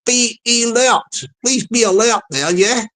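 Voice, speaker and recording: A man's voice: very high voice, takes it slowly, sharp tone. A man vlogging comic commentary, rambling along with many stammered restarts.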